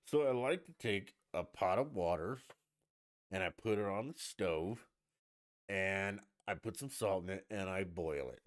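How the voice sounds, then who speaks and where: A man's voice: deep voice, lively intonation, measured pace. A man mockingly imitating a female TV cooking host, stretching and over-pronouncing her words.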